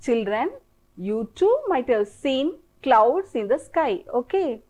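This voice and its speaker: Slow, lilting woman teacher with an Indian accent. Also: fairly high pitch, very animated, darkish tone, poor audio. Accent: Indian English. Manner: slow, repetitive, coaxing drill-style prompting. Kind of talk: televised classroom English lesson.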